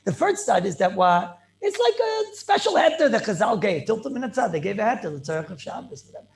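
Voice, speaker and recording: A man teaches a Talmud class over a video call. His voice sits high and swings widely in pitch, a gravelly fry at the ends of phrases. He talks fast and excitedly, repeating words and firing rhetorical questions. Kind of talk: animated yeshiva-style lecture.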